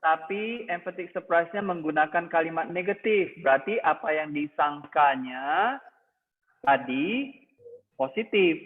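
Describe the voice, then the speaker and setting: A man's voice: a little high, moderate pace. A man with an Indonesian accent teaching an English test-prep class. He quizzes the students and explains each answer. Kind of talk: TOEFL listening class review. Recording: tinny phone-like sound with long echo.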